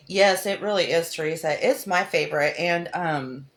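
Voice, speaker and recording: A woman's voice: deep voice, moderate pace, few pauses. A middle-aged woman hosts a crafting livestream, chatting affectionately and greeting viewers by name while she demonstrates.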